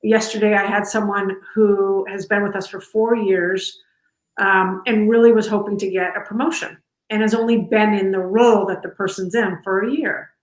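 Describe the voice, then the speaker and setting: A middle-aged woman talking casually in an interview, warm and chatty with lots of fillers and restarts, on a video call from home. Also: mid-range voice, fairly even intonation, moderate pace. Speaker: company culture executive, interview guest. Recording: echoey room.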